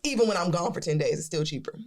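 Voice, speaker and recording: Animated woman telling a story. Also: lowish voice, very fast, a little hiss or hum. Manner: animated, swears freely, acts out voices in her stories. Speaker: podcast co-host. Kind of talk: casual storytelling chat.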